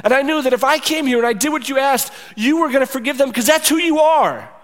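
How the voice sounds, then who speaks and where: A man acting out an indignant male prophet who complains bitterly and accusingly, his voice raised high. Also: animated, quick pace. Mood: exasperated. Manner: exasperated, accusing, high-pitched outbursts. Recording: reverberant hall.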